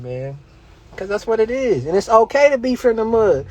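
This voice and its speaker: A man's voice: high voice, big pitch swings, normal speed, mellow, muffled recording. A man hosting a casual livestream, talking in a slangy, streetwise, motivational way and laughing often. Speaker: livestream host, reselling coach.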